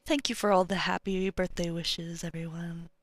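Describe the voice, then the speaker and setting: A woman's voice: fairly low pitch, moderate pace, no room sound, low-quality recording. A girl in her late teens, co-hosting a live stream and chatting casually with viewers. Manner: relaxed, chats with viewers. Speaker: co-host reading chat. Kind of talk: casual chat.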